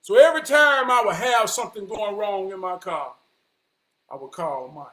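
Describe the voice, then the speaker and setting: A man, telling a personal story in an animated, vernacular way. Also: high voice, moderate pace. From Charlotte, North Carolina. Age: 40s. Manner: animated, vernacular, quotes people in dialogue.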